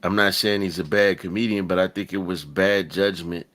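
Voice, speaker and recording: A man co-hosting a podcast in casual chat, telling stories in a profane, animated way with many asides. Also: sits low, moderate pace. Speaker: podcast co-host.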